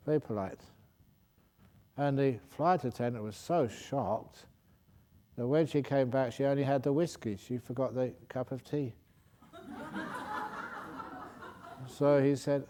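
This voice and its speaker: Male monk, humorous dharma talk, mellow voice, laughs a lot. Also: mid-range voice, unhurried, long pauses. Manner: light-hearted storytelling, laughing often, restarting phrases. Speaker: Buddhist monk and teacher.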